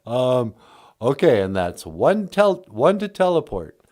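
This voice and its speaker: A man's voice: medium pitch, sing-song, slow, a little mellow. A man co-hosting a casual vlog, bantering and playing along with jokes. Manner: jokey, plays along with the bit. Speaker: co-host.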